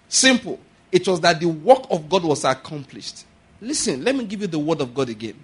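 A man pastor preaching a sermon, swinging between quiet asides and sudden loud, high emphasis. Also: very animated, moderate pace, husky. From Nigeria.

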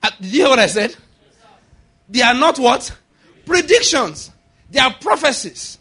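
A man preaching a sermon, laughing often and building to shouted declarations. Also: very high voice, very animated, a little slow, husky.

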